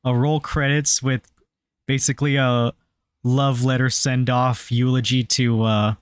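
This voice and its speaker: A man's voice: mid-range voice, measured pace, clean tone, no room sound, clean studio sound. Laid-back man sharing movie trivia. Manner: relaxed, swears casually, adds trivia. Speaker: podcast co-host. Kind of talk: casual movie review chat.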